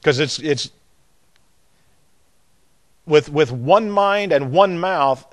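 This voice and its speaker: An older man with a Southern American drawl delivers a sermon. His voice sits a little high, and he stretches and repeats words, swelling louder on the points he wants to drive home. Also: expressive. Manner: emphatic, drawn-out delivery that swells in loudness on key words. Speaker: preacher.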